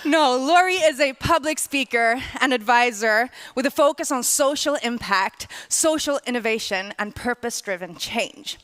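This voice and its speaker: High, lively woman hosting a summit. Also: normal speed, few pauses. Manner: giggly, emphatic introducer. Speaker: event host. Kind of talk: introducing a speaker. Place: summit stage.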